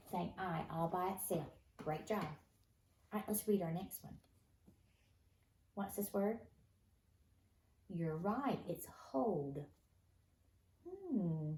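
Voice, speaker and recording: A woman leads a phonics lesson for young children, speaking slowly in a slightly low voice and cheering them on. She pauses as if hearing their answers. The recording sounds echoey with a faint hiss behind her. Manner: slow, patient, encouraging, answers imagined replies. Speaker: first grade teacher. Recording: echoey room with faint noise.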